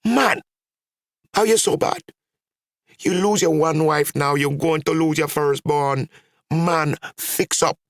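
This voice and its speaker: A man voicing an outspoken aunt who scolds loudly. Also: fairly high pitch, slow pace, pauses often, dry recording, clean studio sound, voice pushed up. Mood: scolding. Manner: loud, scolding. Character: scolding outspoken Trinidadian auntie.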